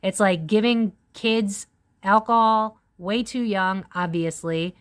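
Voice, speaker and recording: A woman's voice: mid-range voice, steady tone, takes it slowly, smooth. A woman giving a casual tarot reading, rambling and swearing, with lots of "it's like" asides. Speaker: tarot reader.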